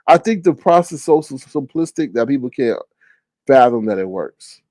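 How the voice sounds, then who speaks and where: A man hosting a casual livestream chat, talking in a teasing, animated way. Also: mid-range voice, unhurried, dry recording. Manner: animated, teasing, Southern US Black vernacular speech. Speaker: livestream host.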